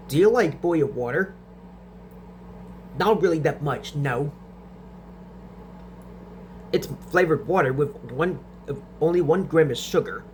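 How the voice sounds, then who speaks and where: A young man with a slightly high voice answers viewer questions in a casual vlog. He stumbles, repeats words and restarts his sentences as he goes, over a faint steady hum. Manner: stutters and restarts sentences often.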